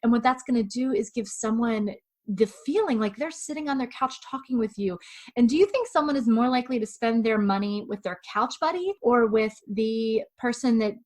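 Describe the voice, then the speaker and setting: A woman who is a professional writer, giving quick, chatty, emphatic advice as a guest in an interview. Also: fairly high pitch.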